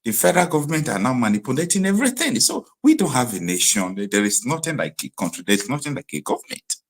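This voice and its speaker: A man from Nigeria hosting a live stream, commenting in an animated way that rises to emphatic outbursts. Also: medium pitch, fast, breathy edge. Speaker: online show host.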